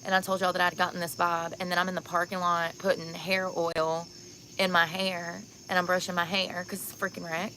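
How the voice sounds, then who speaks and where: A woman's voice: lowish voice, little pitch movement, a little fast, pushed and bright, slight background noise. A tired, sunburnt woman vlogging outdoors at night, telling stories bluntly and candidly and laughing often. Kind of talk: casual outdoor storytelling vlog.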